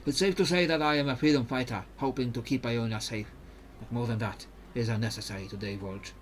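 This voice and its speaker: Brief: calm, guarded adult freedom fighter, one steady low tone, put-on accent; a man voicing him. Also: brisk, slight background noise, lightly acted. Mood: earnest. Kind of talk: reading game dialogue aloud.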